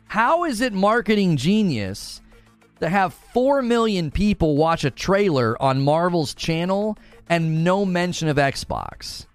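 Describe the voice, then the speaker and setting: A man's voice: high-pitched, big pitch swings, takes it slowly, dry recording, faint music behind. A man hosting a casual gaming livestream, reading viewers' chat comments aloud and laughing often. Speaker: gaming channel host reading live chat.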